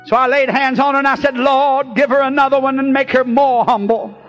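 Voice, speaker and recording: A man, a pastor preaching a revival sermon to a congregation in church, telling folksy stories and shouting drawn-out refrains. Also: extremely high pitch, steady tone, muffled recording, soft background music.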